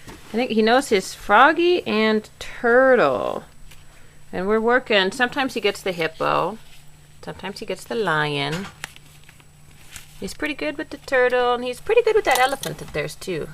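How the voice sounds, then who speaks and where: A woman with a fairly high voice coaxes her little one in a home video. Her sing-song baby talk swoops up and down with lively pitch, and a faint hum of noise sits behind her. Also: normal speed, gravelly. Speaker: mother. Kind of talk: home video, coaxing a toddler.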